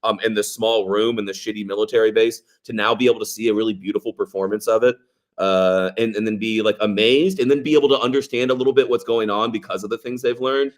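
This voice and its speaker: A man's voice: on the low side, steady tone, quick pace. A man co-hosting a casual movie podcast, rambling with lots of fillers, swearing and laughing as he talks. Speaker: podcast co-host.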